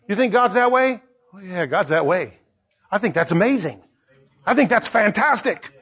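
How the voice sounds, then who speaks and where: A man preaching a sermon, emphatic and repetitive, swinging between soft asides and loud exclamations. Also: high-pitched, lively intonation, moderate pace, husky, highs cut off.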